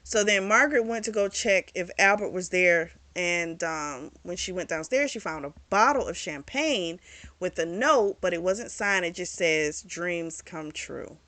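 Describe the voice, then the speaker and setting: A woman's voice: fairly low pitch, animated, moderate pace, sharp tone, no echo. A woman hosting a book review, casually retelling the plot with lots of "like" and "um". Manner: chatty retelling full of "like" and "um".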